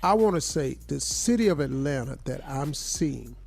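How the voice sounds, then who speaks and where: A man's voice: medium pitch, lively intonation, moderate pace, vocal fry, darkish tone, soft background music. A man hosting a radio morning show, telling stories in loose, slangy talk and often repeating himself. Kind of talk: animated casual storytelling. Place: radio studio.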